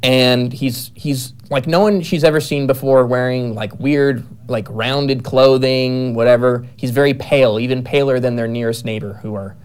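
A man's voice: mid-range voice, steady tone, moderate pace, few pauses, a little mellow, clean tone. Rambling man with lots of fillers. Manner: rambling, many fillers and self-corrections. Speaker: writer describing his novel. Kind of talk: casual chat.

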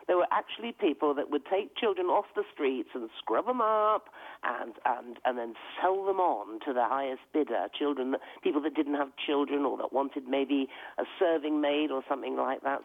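Woman, West Country accent, author on a tinny phone line; lively, husky, lots of laughs. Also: deep voice. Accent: West Country English. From Devon, England. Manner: lively, laughing often, many restarts. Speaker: children's author interviewed. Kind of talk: casual interview.

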